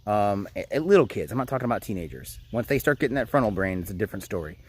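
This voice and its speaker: A man's voice: on the low side, expressive, very fast, breathy edge, no echo. Frank, conversational man in his thirties. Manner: frank and conversational, with frequent hesitations. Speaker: parenting coach. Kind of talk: casual advice talk to camera.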